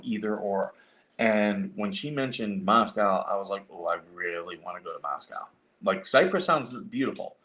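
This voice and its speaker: A man's voice: lowish voice, a bit bright. A man hosting a casual chat show, telling a rambling story with lots of fillers and restarts. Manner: rambling, many fillers and restarts, acts out quoted voices. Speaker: show host.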